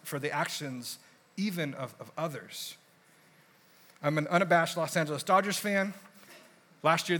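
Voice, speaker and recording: Young male pastor, fairly high, bright voice; casual, animated sermon delivery. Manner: conversational, animated storytelling with asides.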